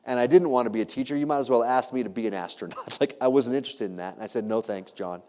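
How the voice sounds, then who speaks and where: A man's voice: medium pitch, rapid-fire. A middle-aged man telling a humorous personal story as a keynote speaker, acting out the voices of the people in it and laughing often. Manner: animated, acts out quoted voices, laughs often. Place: large hall before a live audience. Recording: long hall reverb.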